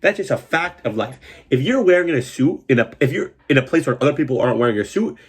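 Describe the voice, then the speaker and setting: A man telling a comic story about an old job, swearing a lot and acting out what people said in a raised, excited voice. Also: quick pace, breathy edge. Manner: animated, swears a lot, acts out quotes in a higher voice. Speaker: comedian host telling a story. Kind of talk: profane comedic storytelling.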